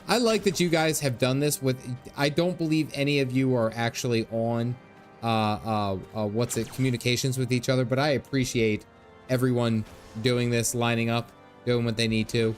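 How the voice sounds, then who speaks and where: A man in his thirties giving casual gameplay commentary, quick to laugh and full of dad jokes. His voice sits at a middling pitch, and faint game music plays behind him. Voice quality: laughs often, jokey dad humor, reads game lines aloud. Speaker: streamer.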